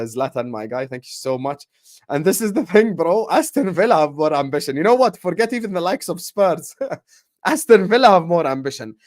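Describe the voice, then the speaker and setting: Passion drives this football fan channel host's livestream rant, delivered in a voice a little higher than typical for a man. He's animated and fired-up, shouting out viewers, and stumbles over repeated words once he builds momentum.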